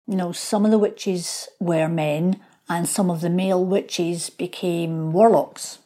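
With a mellow, lowish voice, this female local historian talks slowly and steadily as an interview guest. She explains her subject and sometimes performs the voices of those she quotes.

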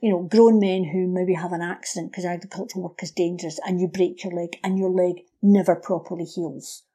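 A woman with a mellow, warm voice talks through history in a relaxed podcast conversation. She tells it like a lively story and slips into the voices of the people she quotes. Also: on the low side, fairly quick, slightly rough. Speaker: guest explaining history. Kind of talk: casual history podcast chat.

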